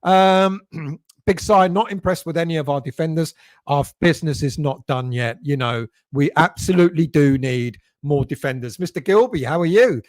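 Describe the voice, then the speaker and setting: Man, live-stream host, chatty, fairly high voice, dry close sound. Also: moderate pace, dry recording. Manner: chatty, greets viewers by name. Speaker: fan channel host reading live chat. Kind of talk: casual live-stream chat.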